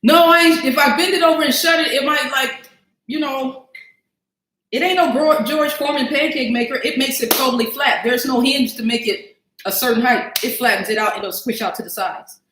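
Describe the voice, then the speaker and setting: A woman's voice: high-pitched, moderate pace, a bit bright, echoey room, slight background noise, low-quality recording. Chatty woman cooking on a livestream. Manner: chatty, talks to viewers as y'all, thinks aloud while cooking. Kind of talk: casual cooking livestream chat. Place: home kitchen.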